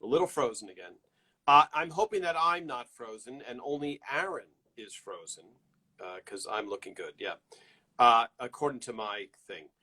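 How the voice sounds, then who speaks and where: A chatty man hosts a live stream from home, loudly greeting viewers by name. His voice is bright and forceful at a middle pitch. It comes through a plain built-in computer mic. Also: animated, moderate pace, husky. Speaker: host of a live fan show.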